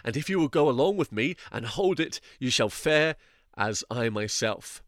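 A man's voice: medium pitch, animated, moderate pace, a bit bright, no room sound, clean studio sound. A man voicing an anxious, burdened male pilgrim who pleads in solemn, old-fashioned speech. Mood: pleading. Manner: solemn, archaic phrasing.

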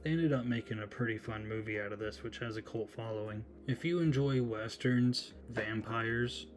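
A man's voice: lowish voice, moderate pace, slight background noise. A man hosting a solo horror movie podcast, casually retelling a film's plot with chatty asides. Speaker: podcast host.

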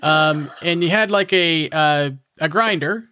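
A man's voice: on the high side, unhurried, sharp tone, dry recording. An American man hosting a casual interview, asking questions in a playful, joking way. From United States. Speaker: podcast host.

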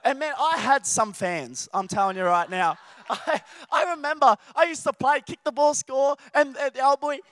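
A man's voice: very high-pitched, normal speed, fairly bright tone, no room sound. A man preaching a sermon, telling stories with playful, acted-out voices.

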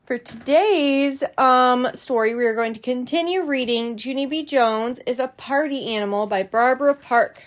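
High-voiced mom reading a storybook, gentle explanations for a kid. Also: female voice, moderate pace, few pauses. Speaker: parent reading stories. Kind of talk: reading a children's book aloud.

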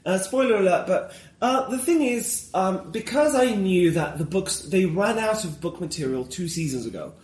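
A man's voice: high-pitched, expressive, normal speed, hardly any pauses, a little mellow, echoey room. A man talking as a guest in a casual conversation, enthusiastic and opinionated, wandering off on tangents.

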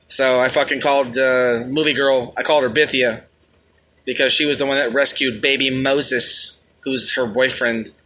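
A man's voice: a little high, sharp tone. A man with a New York accent hosting a comedic rant, brash, profane and rambling. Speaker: comedic host.

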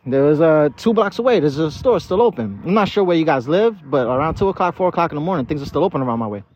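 Recorded outdoors in a city park on dull, lo-fi audio with a bit of hiss or hum, a tipsy podcast host talks fast and animatedly in a fairly high, slightly mellow voice. His monologue is casual, profane and rambling, broken by stammered restarts.

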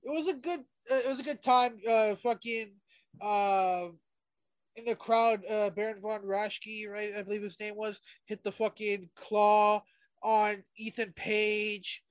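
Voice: medium pitch, steady tone, a little slow. A podcast co-host chats casually, rambling along with plenty of swearing and hesitation. The sound is dry and close, with no room echo. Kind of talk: casual wrestling chat.

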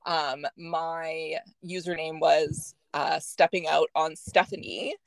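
Young woman podcaster, gravelly voice, dry close sound, casual chatty talk. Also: low voice, steady tone, takes it slowly, dry recording. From Canada. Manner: chatty, laughs often, many fillers. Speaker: podcast co-host. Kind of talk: casual chat.

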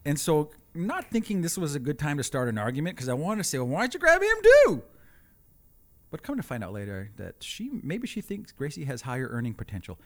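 A man telling a comic personal story, animated with deadpan asides. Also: on the high side, fast talker, hardly any pauses.

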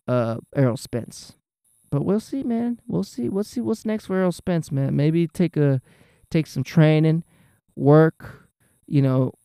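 A man giving a casual, excited, profane reaction to a fight, rambling and restarting his sentences as he talks. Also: fairly high pitch, creaky, smooth, no room sound, studio quality. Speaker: vlogger.

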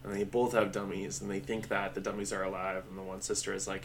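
A man's voice: deep voice, flat delivery, fast, slight background noise. A man co-hosting a podcast in casual chat, rambling and laughing often as he acts out quotes. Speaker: podcast co-host.

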